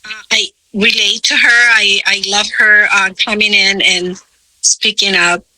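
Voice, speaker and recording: A woman's voice: medium pitch, level tone, measured pace, sharp tone, no echo, low-quality recording. A woman taking part in a group session, speaking eagerly and repeating words. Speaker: group participant.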